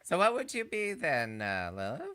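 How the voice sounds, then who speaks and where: A man's voice: on the high side, wildly swooping pitch, normal speed, bright, forceful tone. A man from Canada co-hosting a drag podcast, theatrical and exclamatory in casual chat over a video call.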